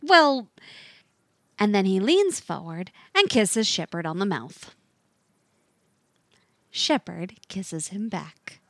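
Expressive woman reading a story. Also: mid-range voice, slow, pauses often, no echo, studio quality. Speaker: narrator. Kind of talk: scripted story narration.

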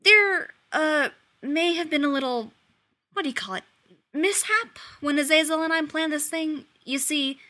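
A woman's voice: high voice, animated, unhurried, sharp tone, pitched above the performer's own voice, full character voice. A woman voicing a short, fawning male demon who drips with pet names and forced cheer. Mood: nervous. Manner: wheedling, nervous, fake-cheerful.

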